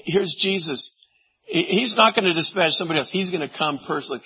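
A man preaching a sermon, animated, swinging from loud exclamations to hushed asides. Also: a little high, fast talker, slightly rough, dull audio. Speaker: pastor.

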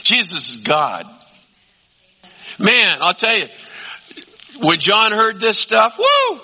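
A man preaching a sermon as pastor, emphatic, swinging between loud urging and quiet asides. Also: high voice, very animated, slow pace. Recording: dull lo-fi sound.

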